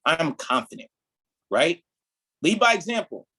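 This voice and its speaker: Husky, animated man giving a pep talk. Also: a little high, measured pace, rough recording. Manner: emphatic, repeats "right?", preachy build-ups. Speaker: team leader and mentor. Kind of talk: motivational training talk.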